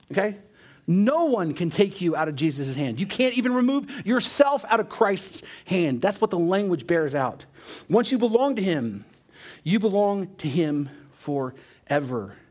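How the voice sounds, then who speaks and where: High-voiced emphatic male preacher. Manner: emphatic, repeats words for stress, asks "right?". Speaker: pastor. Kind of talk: sermon.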